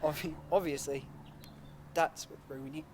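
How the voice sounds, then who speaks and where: A man's voice: on the high side, fairly even intonation, measured pace, background noise. A young American man joking around in a casual chat while hamming up a put-on Irish accent. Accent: American attempting Irish. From United States. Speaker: co-host.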